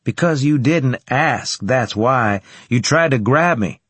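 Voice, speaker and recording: A man voicing a brash young male soldier who talks in a cocky, loud and direct way, in a dry studio recording. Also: mid-range voice, expressive, slow, husky, no echo, pitched above the performer's own voice, full character voice. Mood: bold.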